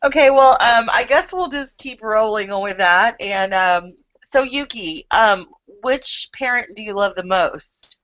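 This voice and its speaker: A woman's voice: mid-range voice, a little slow, fairly bright tone, dry recording, dull audio. A woman hosting a casual online chat show, chatty and loose, with a lot of filler words. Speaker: host.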